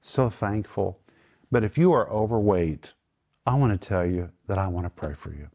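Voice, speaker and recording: A middle-aged man leads a Bible teaching group, his lowish, warm voice moving at normal speed with lively intonation. He preaches earnestly and emphatically, patiently explains what words mean, and slips into praying aloud.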